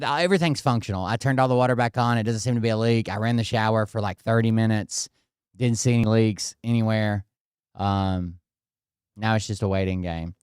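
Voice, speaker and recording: A man's voice: on the low side, clean tone, dry recording, studio quality. A man vlogging from indoors at his home, telling a rambling, profane story straight to his viewers.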